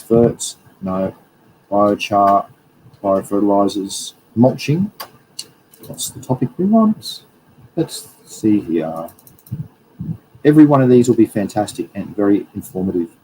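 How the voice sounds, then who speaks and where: Poor audio with slight background noise captures a plant scientist running a casual live stream, his lowish voice mellow. He goes through slides chattily, rambling and self-correcting.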